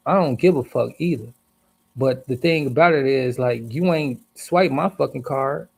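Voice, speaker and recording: A man tells a story on a livestream as a heated, profane rant, hitting his words hard. His voice has a rough, gravelly edge and sits at a middle pitch. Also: moderate pace. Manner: angry, profane, emphatic.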